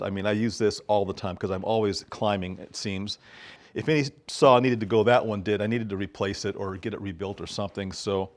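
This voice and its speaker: A man's voice: fairly low pitch, brisk. A middle-aged man talking casually to his viewers in a folksy, rambling way, often calling them folks. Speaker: vlogger. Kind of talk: casual vlog monologue.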